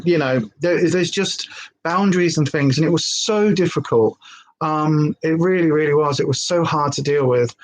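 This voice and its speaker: A woman's voice: low-pitched, moderate pace. A woman vlogger rambling candidly in a casual live-stream chat.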